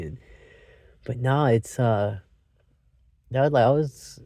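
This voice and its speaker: A man's voice: mid-range voice, expressive, slow, long pauses, mellow, no echo, studio quality. A man giving a casual, meandering movie review, often restarting his sentences and swearing freely. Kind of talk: casual rambling film review.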